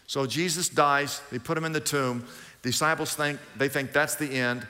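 A middle-aged male pastor delivers a lively sermon in everyday language, moving between loud bursts and quiet asides. His voice is high and bright, and it rings out with a long reverb in a church. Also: moderate pace. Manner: animated, colloquial, swings from loud bursts to hushed asides.

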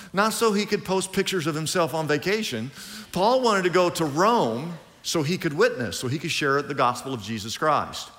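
A male pastor preaching a sermon, lively and conversational, acting out both sides of imagined conversations. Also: on the high side, big-room sound.

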